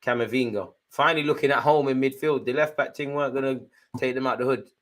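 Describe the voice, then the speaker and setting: A young man hosting a live football watchalong, giving chatty, jokey running commentary full of slang, jumping between excited outbursts and low muttered asides. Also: fast. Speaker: fan watchalong host.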